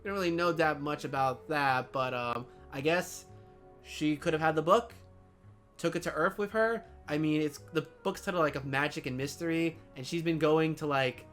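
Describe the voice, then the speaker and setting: A man hosting a casual chat, excitable and rambling, joking as he goes. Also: a little high, normal speed, faint music behind. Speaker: host.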